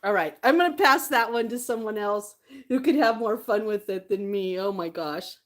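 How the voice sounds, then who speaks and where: A woman's voice: medium pitch, normal speed. A woman vlogger chatting casually to the camera, tearful at times and laughing often between lines.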